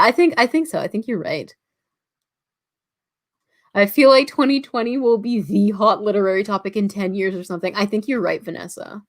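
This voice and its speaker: A young woman from Toronto with a Canadian accent, hosting a casual writing livestream, chatty and full of fillers as she reads viewer comments aloud. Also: mid-range voice. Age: about 19.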